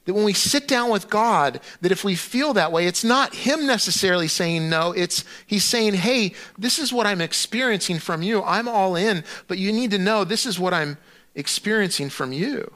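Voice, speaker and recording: Bright-voiced, high-pitched male pastor. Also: lively intonation, normal speed. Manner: conversational, acts out his own prayers to God with many restarts. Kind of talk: sermon.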